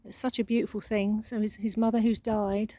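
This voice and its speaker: A woman giving an emotional spiritual monologue, halting and repeating words, with frequent sighs. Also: medium pitch, level tone, dark tone, no room sound, low-quality recording. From England. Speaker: spiritual channel.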